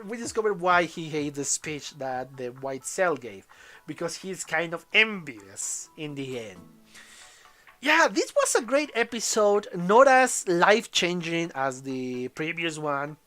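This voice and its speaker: A woman's voice: on the low side, a bit bright. Rambling woman reviewing an episode. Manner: rambling, with many restarts and fillers; speaks English as a second language, with loose grammar. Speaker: anime reviewer. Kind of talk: casual spoken episode review.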